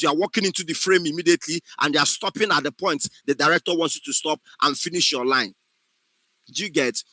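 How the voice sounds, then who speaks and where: A man's voice: a little high, bright, forceful tone, dry recording, low-quality recording. A man teaches an acting class, speaking with emphasis and often asking if his students follow. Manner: emphatic, often checks understanding. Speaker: acting instructor. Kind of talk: classroom lecture.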